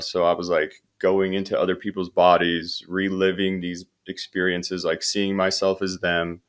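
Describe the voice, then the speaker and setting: A man's voice: low-pitched, completely flat delivery, normal speed, hardly any pauses. A young adult man talking as a podcast guest, telling a long story in a meandering way, with many fillers and restarts. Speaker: podcast guest, hemp company founder. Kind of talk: relaxed interview talk.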